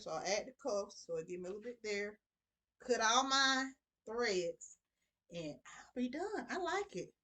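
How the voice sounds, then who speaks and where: A woman's voice: on the high side, a bit bright. A middle-aged woman giving a casual sewing tutorial, chatty and talking to her viewers as y'all. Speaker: sewing vlogger.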